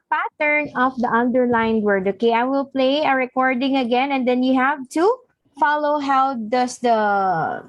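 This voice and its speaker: A woman's voice: high voice, no room sound. A woman teaching an English lesson one-on-one, patiently coaxing her student and giving short praise. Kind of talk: online one-on-one language lesson.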